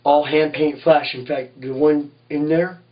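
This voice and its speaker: A man's voice: a little high, steady tone, a little slow, distant mic, dull audio. Profane, rambling tattoo artist man. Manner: profane, rambling, says "you know what I mean" constantly. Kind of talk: casual storytelling interview.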